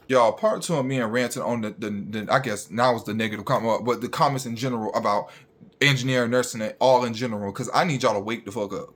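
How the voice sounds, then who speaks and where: A man's voice: medium pitch, fairly bright tone. A young man, a registered nurse, ranting bluntly and profanely straight at his viewers.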